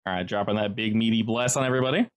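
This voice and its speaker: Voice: medium pitch, rapid-fire. A game master narrating a tabletop game in a playful, joking way. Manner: playful, animated narration with jokey asides.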